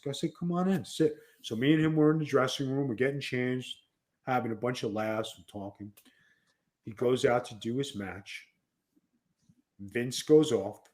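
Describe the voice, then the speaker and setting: Man, New York accent, podcast host, lively storyteller, mid-pitched voice. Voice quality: animated storyteller who acts out quoted dialogue. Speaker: podcast host and former wrestler. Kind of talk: casual storytelling chat.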